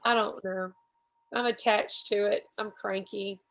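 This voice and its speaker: A woman's voice: medium pitch, steady tone, a little slow, a bit bright. A woman, a podcast guest, telling rambling, self-deprecating stories in casual chat.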